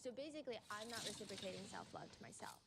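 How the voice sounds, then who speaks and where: A woman's voice: medium pitch, expressive, quick pace, creaky, very noisy. Chatty woman doing casual commentary. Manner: chatty, conversational, fillers like "like".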